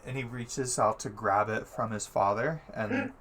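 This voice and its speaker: Slow, laid-back man as game master. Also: medium pitch, wildly swooping pitch, a bit bright, slight background noise. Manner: laid-back, many fillers, laughs easily. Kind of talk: narrating a tabletop game.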